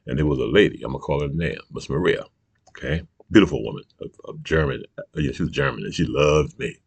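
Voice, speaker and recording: Gravelly deep-voiced man ranting. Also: fast, no room sound. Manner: heated, profane, keeps asking "you understand?". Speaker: show host. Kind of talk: ranting political monologue.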